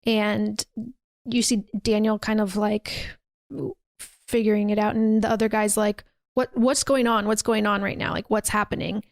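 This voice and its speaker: A woman's voice: medium pitch, little pitch movement, normal speed, no room sound. A woman podcast host casually retelling a movie's scenes, acting out quoted lines with plenty of swearing. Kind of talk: casual chat.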